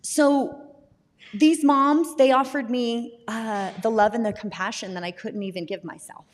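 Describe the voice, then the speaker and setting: A woman's voice: fairly high pitch, steady tone, a little slow. A woman guest candidly sharing her personal recovery story, often laughing at herself and restarting her words. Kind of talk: personal testimony in a recovery talk. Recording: long reverb in a hall.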